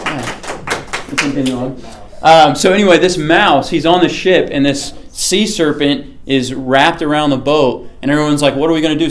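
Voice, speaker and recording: A man's voice: medium pitch, a little hiss or hum. A man giving a casual sermon to a small group, chatty and often checking in with the listeners. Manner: chatty, keeps checking in with "okay?".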